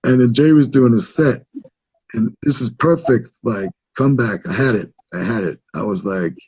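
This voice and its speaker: An Irish man with a husky, slightly rough voice spins a loose, swear-filled anecdote in easy conversation. The sound is dry and close, with a dull, lo-fi edge to the recording. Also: mid-range voice, normal speed, darkish tone, no room sound. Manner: profane, laid-back anecdote telling. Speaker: guest. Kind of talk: casual storytelling chat.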